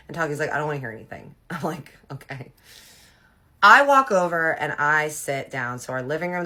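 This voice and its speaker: A woman telling a personal story in a casual, animated way, swinging between loud outbursts and soft asides. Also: a bass voice.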